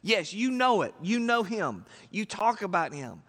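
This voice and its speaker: Preaching to a large hall whose long reverb carries every line, a high-voiced pastor speaks to the room as if in conversation. He is animated, leaping into quick acted-out voices with wide swings in pitch and loudness.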